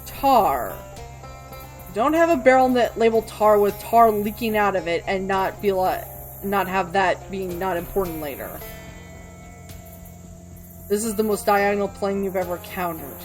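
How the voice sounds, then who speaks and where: A woman's voice: mid-range voice, unhurried, pauses often, faint music behind. A woman hosting a let's play, chatting casually and swearing freely while she reads the game's dialogue aloud. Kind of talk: gameplay commentary.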